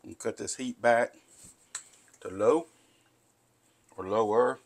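In his home kitchen, a man hosts a casual cooking tutorial with a folksy, chatty manner. His voice is medium in pitch, slow and creaky.

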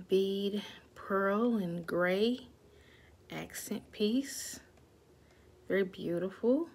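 A woman selling jewelry in a vlog, slowly naming each piece and now and then dropping to a whisper. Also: medium pitch, gravelly, darkish tone, breathy edge. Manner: slow, repetitive, drops to whispers at times. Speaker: jewelry seller. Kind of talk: product showcase vlog.

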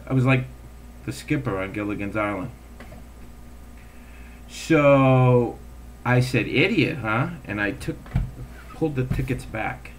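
A man's voice: medium pitch, takes it slowly, pauses often, a little hiss or hum. A man hosting a casual solo talk show, telling stories in an exasperated way, acting out the people he quotes and swearing now and then. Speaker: host.

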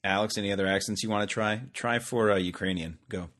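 Man, podcast host, low voice, casual chat, joking, rambling, lots of restarts. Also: steady tone, quick pace, a bit bright.

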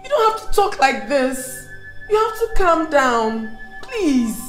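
A young Nigerian wife in a film drama, pleading and soothing in a high voice. The sound is roomy, with faint music under it. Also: female voice, sing-song, slow, a bit bright, exaggerated voice. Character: young wife pleading with her angry husband.

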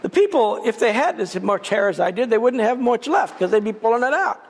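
An extremely high-pitched, animated man preaches as a guest at a fairly quick pace, mixing humorous asides into a conversational sermon. The recording carries the long reverb of a church sanctuary.

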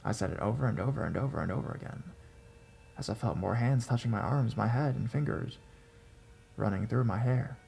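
A man with a gravelly, creaky voice at an ordinary middle pitch tells a first-person horror story. His delivery is scripted, measured and suspenseful. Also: darkish tone, a little hiss or hum.

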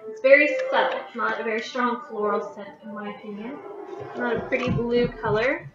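Recorded from a distance, a woman with a slightly high voice talks fairly quickly as she reviews scented wax products in her kitchen. She reads the descriptions aloud, tripping over some words, while music plays behind in an echoey room with dull lo-fi sound.

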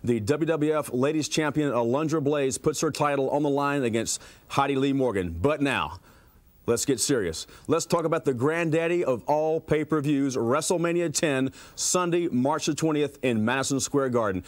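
Guy hosting old wrestling tv, steady announcer voice, dry close sound. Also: mid-range voice, no echo. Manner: smooth, measured presenter delivery. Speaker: TV wrestling host. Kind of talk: broadcast presenting. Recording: archival TV broadcast.

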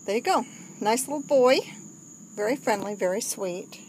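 A woman's voice: on the high side, normal speed, a little mellow. A woman talking in sing-song baby talk to a kitten and coaxing it with affection. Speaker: cat breeder filming a kitten. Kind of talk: cooing baby talk to a pet. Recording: home video with background noise.

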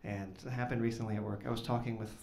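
A man doing a stand-up comedy set on stage, talking in an awkward, deadpan way that rises into loud punchlines. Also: lowish voice, racing, gravelly. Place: comedy club stage with live audience. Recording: echoey club with audience noise.

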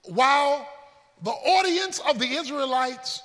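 High-voiced, animated male preacher. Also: measured pace, pauses often, long reverb tail. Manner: animated preaching, shouting and then dropping to a hush; folksy, humorous storytelling. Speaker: pastor. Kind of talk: sermon.

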